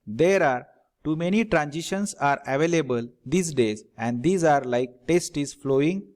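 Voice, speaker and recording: A middle-aged man delivers a recorded slide lecture. His voice sits a little higher than most men's, and he talks directly to viewers with a steady, instructive manner. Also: unhurried. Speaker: teacher trainer.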